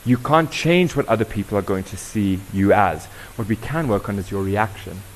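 A South African man facilitating a workshop, talking with an audience in a lively, conversational way and asking them questions. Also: lowish voice, moderate pace, a little hiss or hum, poor audio. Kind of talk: interactive talk to an audience.

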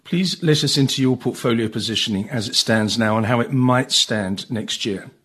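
Man, interviewer, husky voice, conversational probing questions. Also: medium pitch, normal speed, a bit bright.

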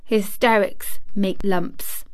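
A woman reading an audiobook, voicing a furious, bossy little girl who shouts and scolds. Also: fairly high pitch, slow pace, dry recording, clean studio sound. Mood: commanding. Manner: shouting, scolding, stamping emphasis. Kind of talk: audiobook character voice.

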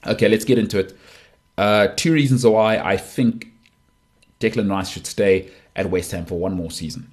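A man's voice: fairly low pitch, moderate pace. Opinionated man hosting a solo podcast. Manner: opinionated and emphatic, with frequent restarts. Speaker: podcast host. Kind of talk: solo sports podcast monologue.

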